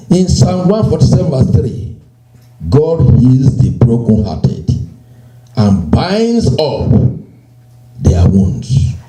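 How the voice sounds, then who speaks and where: A man preaching a sermon, slow and emphatic, repeating phrases and quoting scripture. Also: medium pitch, warm tone, echoey room, poor audio. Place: church.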